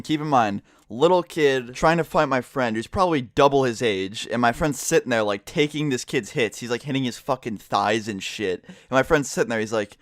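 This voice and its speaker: Young man telling a story, storytime vlog, profane and laid-back, lots of "like", average pitch, dry recording. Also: fairly quick, few pauses, no room sound. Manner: casual, heavy swearing, many "like" fillers. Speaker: vlogger.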